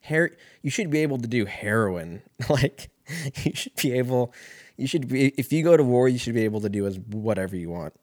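A man's voice: medium pitch, expressive, brisk, no room sound, studio quality. A young man telling a rambling, profane story in a casual way, often laughing.

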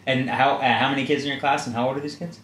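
Dad hosting a relaxed family podcast: gentle, encouraging, asks easy questions; roomy echo on the recording. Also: male voice, mid-range voice, racing. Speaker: father and podcast host. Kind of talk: casual parent-child podcast chat. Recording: roomy echo, faint background hum.

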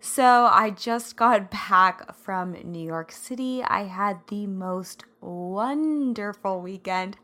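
Bright, slightly hoarse woman podcaster. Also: mid-range voice, takes it slowly, hardly any pauses. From American Midwest. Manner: bubbly and chatty, laughs often. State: slightly hoarse, scratchy throat. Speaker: podcast host. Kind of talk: casual solo podcast chat.

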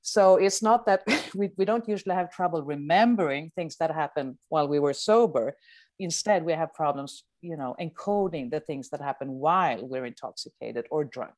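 A woman's voice: deep voice, moderate pace, a little mellow, dry recording. A woman in her forties, a brain scientist, talking animatedly in a podcast interview and laughing often.

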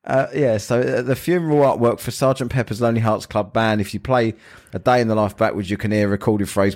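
A man's voice: fairly low pitch, steady tone, fairly quick, hardly any pauses, a little mellow. A man hosting a casual podcast chat, joking, rambling and laughing often. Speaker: podcast host.

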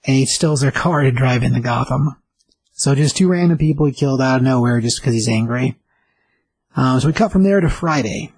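Gravelly, husky man retelling comics. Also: medium pitch, fairly quick, darkish tone, no room sound, rough recording. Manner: loose and chatty, with many fillers and restarts. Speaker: comic book recap host. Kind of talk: casual retelling of a comic story.

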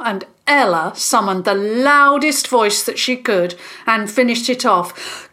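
A woman narrates a children's story in a slow, expressive voice. Her pitch sits in the middle of the range.

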